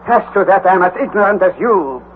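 In an old radio drama, an actor plays an older, learned professor uncle who leads the expedition, speaking in a commanding, declamatory way. His male voice sits high, animated and fast, on a tinny, lo-fi recording with faint hiss.

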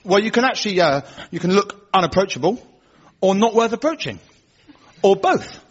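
A man's voice: sits high, animated, normal speed, noisy background. A man performing a stand-up comedy routine, telling rambling stories with cheeky asides and bantering with his audience. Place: comedy venue with live audience. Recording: dull live radio recording with loud audience.

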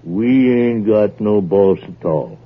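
A man playing a grumbling rural man who scorns the boss, with a flat rural drawl. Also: lowish voice, takes it slowly, heavily acted. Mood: scornful, smug. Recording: tinny phone-like old recording.

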